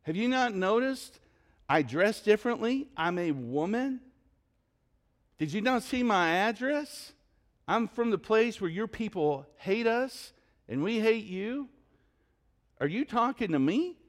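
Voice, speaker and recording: Guy doing a snarky indignant woman, pitched way up, lots of "you talking to me" attitude. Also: lively intonation, a little slow. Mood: sarcastic. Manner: sarcastic, incredulous questioning. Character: sarcastic indignant woman at a well.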